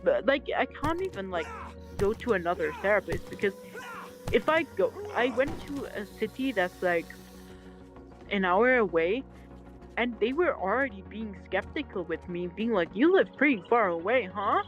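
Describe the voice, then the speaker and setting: A young woman livestreamer telling a story in casual chat, animated, swearing often and laughing. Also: medium pitch, normal speed, soft background music.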